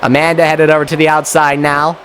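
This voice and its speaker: A young man giving excitable play-by-play commentary on a wrestling match, with mild swearing and quick self-corrections. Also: a little high, noisy background. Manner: excitable, swears mildly, laughs at own slips. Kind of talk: solo play-by-play commentary of a video game match.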